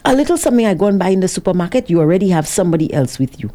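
A woman voicing an agitated young woman who yells and rants at strangers in a shrill, repetitive way. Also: animated, rapid-fire, lightly acted. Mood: scolding.

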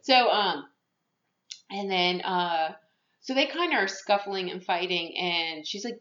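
A woman's voice: on the low side, slow pace, a bit bright. Woman, podcast host, rambling casual movie recap, echoey room, muffled sound. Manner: rambling storytelling with many fillers and restarts.

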